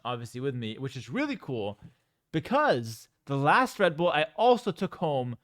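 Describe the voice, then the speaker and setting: A young man, a pro gamer, casually telling a story about a tournament in a lively, joking, mock-outraged way. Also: fairly high pitch, normal speed, dry recording, clean studio sound.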